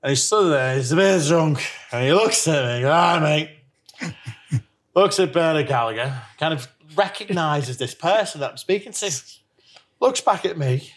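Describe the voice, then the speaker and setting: A man's voice: fairly high pitch, lively intonation, normal speed. A man, a professional golfer, telling an anecdote in a podcast chat, laughing as he acts out what others said. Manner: laughs through his stories, acts out quotes. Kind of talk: anecdotal storytelling.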